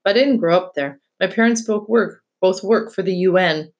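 A woman's voice: medium pitch, moderate pace, muffled recording, close to an everyday voice. A woman reading aloud as a confident, well-traveled preteen girl who talks in a chatty, matter-of-fact way. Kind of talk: reading a children's novel aloud.

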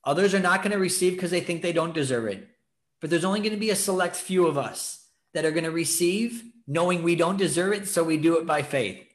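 A man's voice: on the high side, fairly quick. A man hosting a faith podcast, preaching in an earnest, exhorting way and acting out the thoughts of people in the story. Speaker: podcast host teaching on scripture. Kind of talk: preaching talk, casual.

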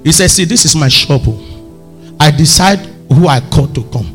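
A man preaching a sermon, telling stories with lively swings and sudden shouts. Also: a little high, moderate pace, faint music behind. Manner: animated, storytelling, bursts into shouts. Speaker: pastor.

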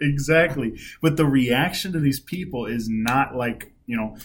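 A man co-hosting a casual Bible chat, joking and telling the story with animated energy, laughing often. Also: mid-range voice, unhurried, a little hiss or hum.

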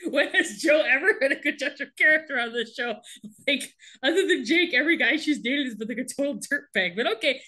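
A woman's voice: sits high, lively intonation, sharp tone. A woman co-hosting a podcast, recapping a TV episode in casual chat with a wry, laughing manner, quoting the characters' lines. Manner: wry, laughing, reads show lines in quick put-on voices. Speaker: podcast co-host.

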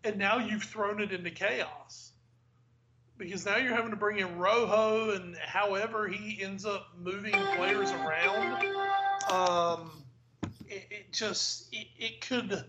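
High-voiced man on a dull lo-fi mic. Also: slow, bright, forceful tone, soft background music. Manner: thoughtful, hedging opinions with fillers. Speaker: podcast co-host. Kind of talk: casual sports podcast chat. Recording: dull lo-fi mic with faint hiss.

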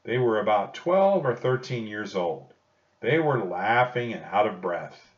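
A man narrating a children's storybook audiobook in a slow, expressive storytelling manner. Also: lowish voice. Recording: dull distant recording.

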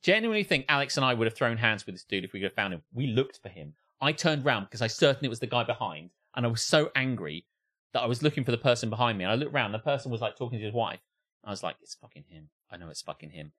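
A man's voice: mid-range voice, animated, fast, a bit bright. A man co-hosting a podcast, ranting in casual chat with plenty of swearing and acted-out impressions. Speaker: podcast co-host.

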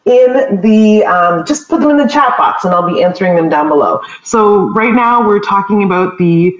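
A woman's voice: medium pitch, expressive, moderate pace, muffled recording. Chatty woman in an echoey room. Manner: chatty, moderates the live chat. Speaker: podcast co-host. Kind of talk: casual chat.

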